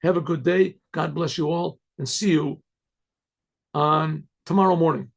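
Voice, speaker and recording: A man, a rabbi, telling a story in a casual, halting way, repeating words and often clearing his throat. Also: on the high side, fairly even intonation.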